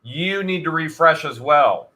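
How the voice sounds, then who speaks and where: A man runs a live online auction, talking straight to his viewers with an energetic, slightly repetitive flow. His voice sits a little high and sounds bright and tense. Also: unhurried. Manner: energetic, talks straight to chat viewers, repeats himself. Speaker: host of an online storage auction stream. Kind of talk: live stream chat and auction hosting.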